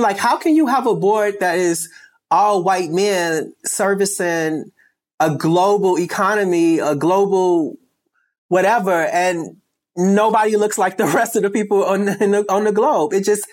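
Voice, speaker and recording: A man's voice: sits high, normal speed. Emphatic Chicago man in an interview. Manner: emphatic, rambling with many restarts. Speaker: guest, stylist. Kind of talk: candid interview talk.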